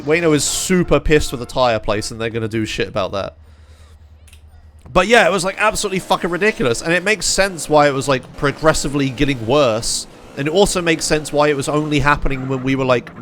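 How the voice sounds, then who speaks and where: A man's voice: on the high side, slight background noise. A young British man, a streamer, telling a rambling story to his chat, swearing freely and full of fillers.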